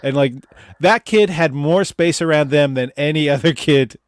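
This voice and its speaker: A man's voice: fairly high pitch, moderate pace, clear, resonant tone, no room sound, studio quality. A man co-hosting a casual video call chat, telling stories with wry jokes. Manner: wry, joking, easygoing storytelling. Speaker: co-host.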